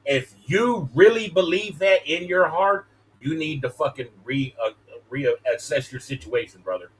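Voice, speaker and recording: Heated male streamer, fairly high voice, swearing constantly, wrestling-promo energy. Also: a little slow. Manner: profane, agitated, preachy, wrestling-promo delivery. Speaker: streamer in a live call. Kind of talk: heated casual rant.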